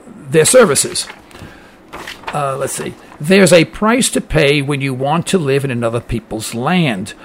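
A man's voice: fairly high pitch, creaky. An older man hosting a show, responding to listener emails in a rambling, impassioned monologue with lots of restarts and repeated words. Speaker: talk show host reading listener emails. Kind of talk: casual opinion monologue.

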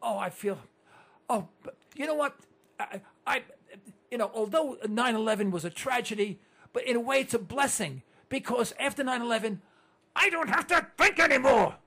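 Older male talk radio host, very high gravelly voice, angry repetitive rant. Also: lively intonation, moderate pace, fairly bright tone. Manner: ranting, repetitive, hollering at listeners.

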